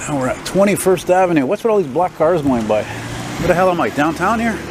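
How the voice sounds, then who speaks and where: This Quebec man's voice sits a little high and sounds animated at a normal pace. He films his walking vlog outdoors on a city street, speaking bluntly with a French Canadian accent, cursing openly and complaining about politicians, all picked up by a handheld camera mic amid passing traffic.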